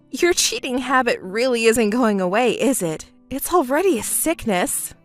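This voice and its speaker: A woman narrates a text story in the voice of a wronged wife. Her delivery is indignant and scolding, set slightly high. The recording is close and dry. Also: expressive, normal speed, hardly any pauses, dry recording, faint music behind.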